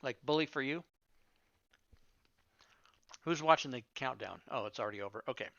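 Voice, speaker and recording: A man's voice: mid-range voice, moderate pace, gravelly, pushed and bright, no room sound, muffled recording. A man in his fifties, a player joking around with others at the table and laughing often. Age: 50s. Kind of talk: casual banter at the table.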